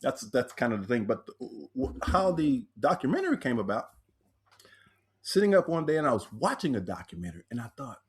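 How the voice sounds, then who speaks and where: A man, a speaker and author, telling personal stories in a podcast interview, animated and acting out the voices he quotes. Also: medium pitch, a little fast, husky.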